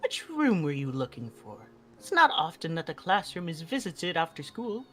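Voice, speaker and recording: A woman reading a composed, elegant schoolgirl, polite and formal, calm, low-pitched, lively in tone, faint music behind. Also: normal speed. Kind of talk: reading a visual novel role aloud.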